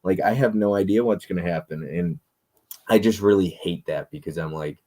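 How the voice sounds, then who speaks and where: A man's voice: low voice, moderate pace, warm tone. A man in his thirties hosting a casual chat, blunt and opinionated, swearing freely. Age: 30s. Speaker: podcast host.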